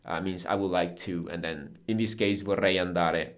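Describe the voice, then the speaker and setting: A man with a very deep voice and an Italian accent teaches his own language in a relaxed conversational lesson. He explains each point patiently and clearly, with a native speaker's ease. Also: normal speed.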